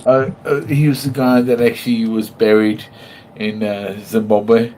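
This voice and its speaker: A man from South Africa calling in, hesitant and halting as he searches for words. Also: on the low side, little pitch movement, dark tone, a little hiss or hum. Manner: hesitant, many uh fillers, restarts. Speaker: caller. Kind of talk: casual group chat.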